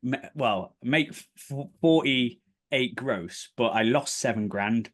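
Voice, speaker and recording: A man, a guest on a podcast, telling his story in a casual, animated way and acting out the quotes. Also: takes it slowly. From United Kingdom. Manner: animated, acts out quotes in bursts of higher pitch. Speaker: podcast guest, property developer.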